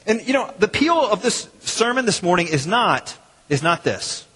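A man, a pastor preaching a sermon in a church in a lively, conversational way with quoted asides. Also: high voice, moderate pace, breathy edge. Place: church sanctuary. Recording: long hall reverb.

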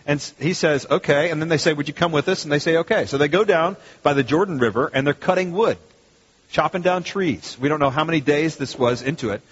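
A man's voice: fairly high pitch, fast talker, slightly rough. A man preaching a sermon to his congregation in a conversational, emphatic way, often restarting his sentences. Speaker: pastor. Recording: muffled sound in a reverberant hall.

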